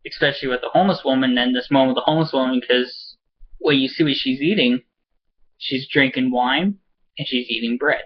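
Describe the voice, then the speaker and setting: A man casually recapping a TV episode at home, excitable and swearing, rambling with lots of fillers. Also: medium pitch, highs cut off. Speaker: show reviewer. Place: home with a pet cat.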